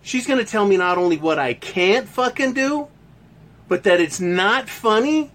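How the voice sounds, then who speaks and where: A man's voice: sits high, animated, unhurried, fairly bright tone. A man delivering a crude, heated opinion rant, swearing constantly and mocking others.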